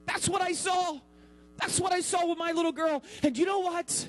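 A man in his thirties preaching a sermon as pastor, with dramatic pauses and acted-out quotes. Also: very high voice, steady tone, soft background music, rough recording. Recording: mains hum.

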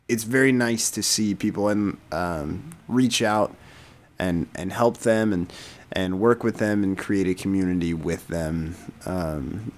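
A young man co-hosting a podcast in casual chat, rambling and laughing as he retells scenes with animated bursts. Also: low-pitched. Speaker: podcast co-host.

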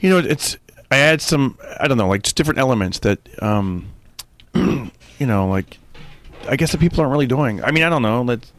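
A man who is a stand-up comedian, telling stories in a rapid, animated way in casual chat. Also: mid-range voice, no room sound. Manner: rapid, animated storytelling with voices.

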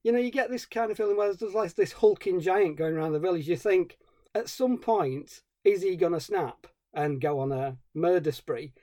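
A man's voice: sits high, expressive, normal speed, warm tone, no echo, clean studio sound. A man co-hosting a film podcast, ranting about a movie in a wry, sarcastic way. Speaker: podcast co-host. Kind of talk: casual film review chat.

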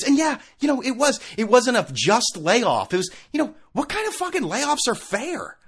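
A man's voice: very high voice, very animated, fairly quick, few pauses, fairly bright tone, husky. A man ranting in a solo talk show, sarcastic and profane, firing off rhetorical questions. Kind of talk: solo opinion rant.

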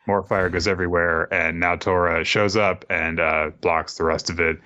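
A man hosting a casual comedic recap, animated and joking with lots of fillers. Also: low voice, normal speed. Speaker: podcast host. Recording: dull lo-fi recording.

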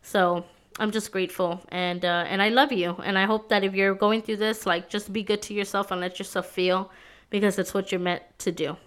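A woman's voice: medium pitch, fairly even intonation, moderate pace, fairly bright tone, smooth. Heartfelt woman podcast host. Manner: heartfelt, conversational, many fillers like "you know" and "right". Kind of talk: casual personal reflection.

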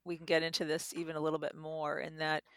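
A middle-aged woman explaining with gentle personal examples in an interview. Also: low-pitched, completely flat delivery, fast, no echo, clean studio sound. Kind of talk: reflective interview talk.

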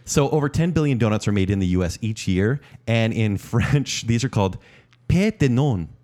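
A man in relaxed, teasing podcast banter. He sits at a steady middle pitch and delivers his food facts with a mock-serious air. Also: a little fast. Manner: teasing, reads out trivia with mock gravity. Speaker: podcast co-host. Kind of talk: casual food-ranking chat.

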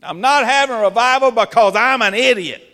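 A man preaching a sermon to church planters, animated and dramatic, acting out anxious prayers in sudden bursts. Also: very high voice, moderate pace. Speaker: pastor. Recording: long reverb of a large hall.

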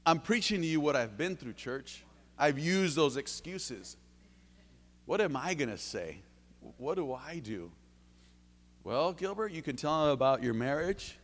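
A fervent male preacher with a fairly high voice for a man, delivering his sermon with the long reverb of a church sanctuary behind him. He drops into low, close tones and then surges into loud, ringing bursts. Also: expressive, measured pace. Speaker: lay preacher giving testimony.

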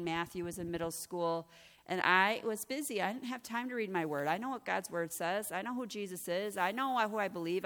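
A middle-aged woman giving a personal testimony as a ministry director, telling her story with animated, acted-out dialogue. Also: lowish voice, clean tone. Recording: long reverb of a large hall.

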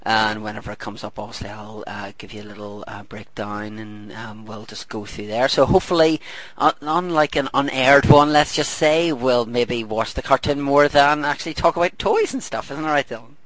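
A man's voice: mid-range voice, moderate pace, fairly bright tone, dry recording, poor audio. A man hosting a podcast commentary, chatting casually, rambling with fillers and laughter. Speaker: podcast host.

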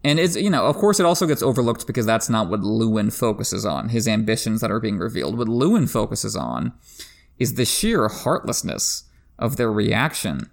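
A man hosting a book discussion podcast, giving enthusiastic literary analysis, pushing his pitch up sharply for emphasis and laughing now and then. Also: very animated, moderate pace, vocal fry. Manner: laughs while talking. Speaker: podcast host.

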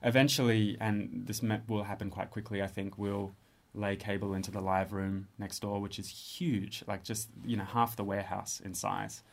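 A man in his thirties with an Australian accent talks about his music in a relaxed interview. His voice sits a little low, and he weighs his words, pausing and restarting as he thinks. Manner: thoughtful, hesitant, with frequent restarts. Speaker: composer and musician. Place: studio space.

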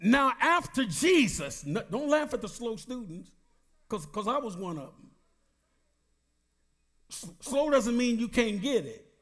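Middle-aged pastor, male, high animated voice, deliberate preaching delivery. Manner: preaching with call-and-response questions to the congregation; reads scripture slowly with emphasis. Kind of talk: sermon.

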